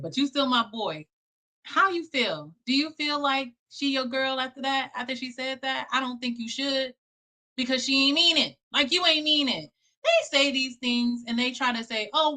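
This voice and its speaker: A woman with a bright, forceful voice hosts a casual reaction show. She comments bluntly and with energy, and she swears freely. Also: high-pitched, normal speed. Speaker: host reacting to clips.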